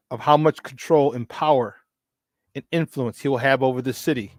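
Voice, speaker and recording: A man's voice: mid-range voice, fairly bright tone, dry recording, clean studio sound. A man hosting a morning sports talk show, talking casually and emphatically, repeating his points for weight. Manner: repetitive, emphatic, preachy asides.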